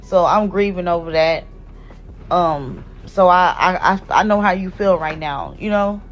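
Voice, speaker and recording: A woman's voice: lowish voice, measured pace, dull audio, soft background music. A woman talking on a phone during a live stream, rambling emotionally about her life.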